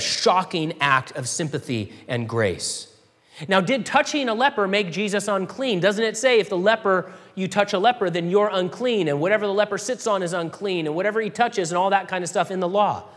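A man preaching a sermon to a congregation, animated, swinging from loud declarations to hushed lines. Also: high voice, brisk. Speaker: pastor. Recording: long hall reverb.

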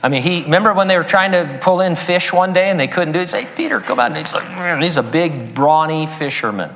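Man, pastor, sermon, jokey asides, slightly high voice, long reverb. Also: brisk, fairly bright tone, a little hiss or hum. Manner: joking asides, chuckles at own jokes. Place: church sanctuary.

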